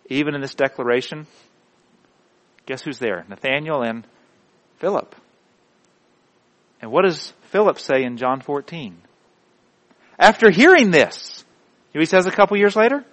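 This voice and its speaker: A male pastor delivers a sermon in a voice sitting a bit higher than most men's. He drives his points home with repeated, emphatic declarations. His delivery swings between hushed passages and loud, building climaxes. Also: poor audio.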